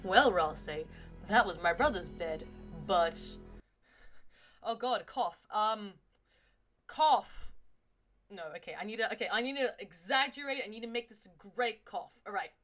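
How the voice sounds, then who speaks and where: A woman's voice: mid-range voice, normal speed, fairly bright tone, faint music behind. A young woman, chatty and playful, hosting a casual video where she reads stories into a microphone. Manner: chatty, playful, self-mocking. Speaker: fanfiction reader and video host. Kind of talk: casual chat and story reading.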